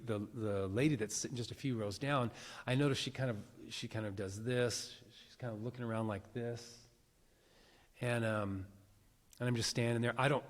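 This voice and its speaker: Conversational pastor in a reverberant hall. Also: male voice, medium pitch. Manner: conversational storytelling with many fillers. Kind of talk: sermon. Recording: long reverb of a large hall.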